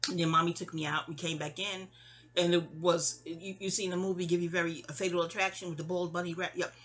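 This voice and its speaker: Middle-aged New York woman, husky and bright, casual rambling storytelling with lots of fillers. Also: fairly low pitch, little pitch movement, fast. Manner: rambling, digressive, full of fillers and restarts. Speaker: vlogger telling a memoir story.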